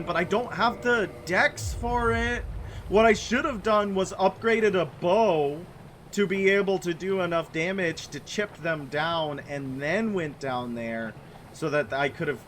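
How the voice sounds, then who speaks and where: High-voiced man ranting over a game. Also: fairly bright tone, a little hiss or hum. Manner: exasperated, repetitive ranting. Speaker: video game player. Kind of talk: let's play commentary.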